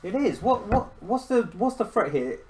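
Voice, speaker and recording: A man's voice: high-pitched, very animated, moderate pace, noisy background. A man hosting a live chess stream, talking casually and self-deprecatingly, often laughing as he thinks aloud.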